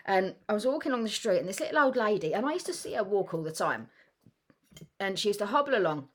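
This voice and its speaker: A woman's voice: medium pitch, big pitch swings, quick pace. A woman podcast co-host telling a childhood memory in a fond, rambling way, often restarting her sentences.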